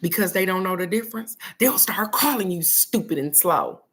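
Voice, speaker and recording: A woman's voice: lowish voice, expressive, moderate pace, fairly bright tone. A middle-aged woman host gives casual spoken advice in a blunt, preachy way and swears freely.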